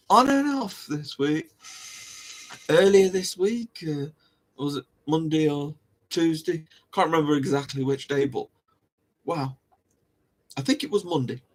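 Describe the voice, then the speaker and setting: A man hosting a livestream, chatting casually to viewers in a rambling way, often laughing and repeating himself. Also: fairly high pitch. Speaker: livestream host. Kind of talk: casual chat to live viewers.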